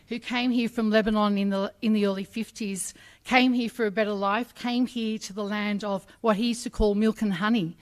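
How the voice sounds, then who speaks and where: Chatty Australian woman giving a ceremony speech. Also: medium pitch. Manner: chatty, self-deprecating, many ums. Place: pavilion at a public ceremony.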